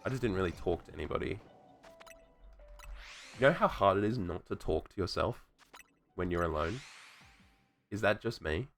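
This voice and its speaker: Faint music sits behind a man streaming a game while sick with a sore throat. His voice sits low, creaky and a bit bright, animated at normal speed with long pauses, as he rambles, curses and mutters to himself in casual gameplay chat.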